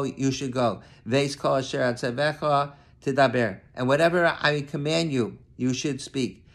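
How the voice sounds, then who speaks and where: A man's voice: medium pitch, moderate pace, few pauses. An older man, a rabbi, giving an earnest conversational sermon to his congregation, reading verses and then explaining them. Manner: earnest, conversational with many restarts, reads Hebrew verses then translates.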